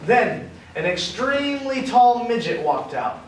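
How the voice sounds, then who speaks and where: A man's voice: very high-pitched, very animated, a little slow, slight background noise. A man improvising a comic story as narrator on stage, rambling and correcting himself as he goes. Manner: rambling, self-correcting, laughing at his own story. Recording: very echoey, distant live stage recording.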